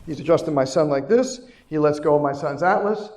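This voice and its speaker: A man's voice: on the high side, fairly quick, darkish tone. A middle-aged man, a chiropractor, giving an inspirational keynote speech live at a conference. He talks emphatically, repeating key lines and putting questions to the audience. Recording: echoey hall sound.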